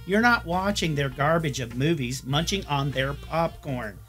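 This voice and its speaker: A man's voice: fairly high pitch, a bit bright. A man narrating an opinionated film review in a blunt manner.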